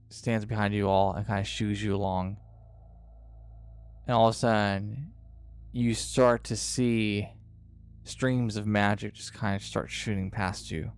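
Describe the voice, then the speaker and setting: A man's voice: lowish voice, clean tone. Man narrating a tabletop game. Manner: dramatic, drawn-out narration with pauses. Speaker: game master.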